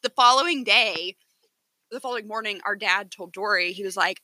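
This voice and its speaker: A woman's voice: medium pitch, normal speed, pushed and bright, dry recording. A woman, co-hosting a podcast and telling a story in an emphatic, defensive way. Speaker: podcast co-host. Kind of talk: casual chat.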